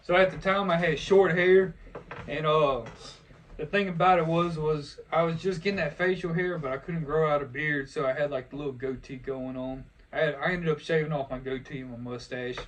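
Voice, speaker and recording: With a slightly high, fairly bright voice, this young man from Louisiana talks fairly quickly and keeps his intonation fairly even. He hosts a podcast, trading profane, laughing stories in a relaxed, casual conversation. The mic is distant, and there's faint noise.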